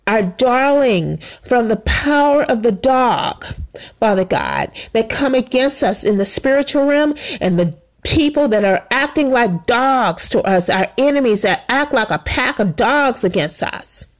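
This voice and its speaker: A woman's voice: a little high, expressive, measured pace. A woman praying aloud with fervor, repeating "Father God" between short phrases. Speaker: prayer leader. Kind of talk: spoken prayer.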